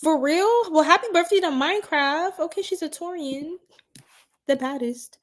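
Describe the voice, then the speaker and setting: A woman's voice: very high-pitched, normal speed. A woman hosting a casual astrology livestream, chatting with her viewers in a giggly, flustered way. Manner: giggly, flustered, talks straight to chat.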